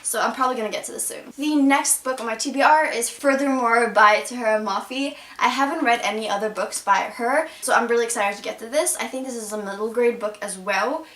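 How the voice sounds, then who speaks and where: A woman's voice: on the high side, bright, forceful tone. A young woman chatting casually about the books she plans to read, with lots of "like" fillers. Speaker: book vlogger. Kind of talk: casual book haul chat. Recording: echoey room from far off.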